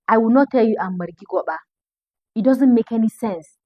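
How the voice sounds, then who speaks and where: A woman's voice: on the high side, fairly quick, no room sound, lo-fi sound. A woman from northern Nigeria with a Nigerian accent, giving emphatic social media commentary and repeating her points.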